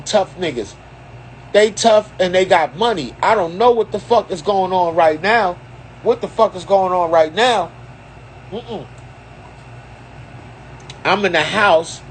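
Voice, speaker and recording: A man's voice: high voice, a little hiss or hum, low-quality recording. A man at home giving a rambling, profane, streetwise monologue in a freewheeling casual style. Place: at home, indoors.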